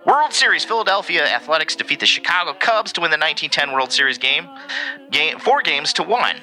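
A man's voice: on the high side, brisk, over music, poor audio. A man co-hosting a casual podcast, reading a history segment with joking asides. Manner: animated, reads facts with joking asides. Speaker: podcast co-host.

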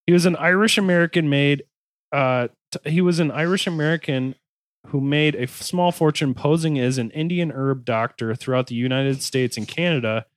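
A man's voice: fairly high pitch, normal speed, dry recording. A man hosting a casual podcast, reading history notes aloud and breaking into laughs and goofy asides. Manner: laughs often, goofy bits. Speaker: podcast host.

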